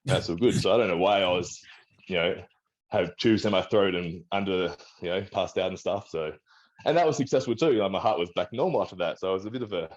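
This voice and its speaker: A man's voice: low-pitched, expressive, brisk, muffled recording. An Australian man, a strongman and trainer, chatting in an interview and rambling through a story while acting out what the doctors said. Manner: rambling, restarts, acts out quoted doctors. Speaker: guest, strongman and personal trainer. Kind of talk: casual interview talk.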